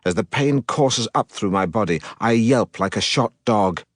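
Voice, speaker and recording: This audiobook is told by a middle-aged broadcaster recounting his own story in a deadpan, pompous, self-regarding way. He speaks low and at a moderate pace, with a dry, close recording that has no room sound.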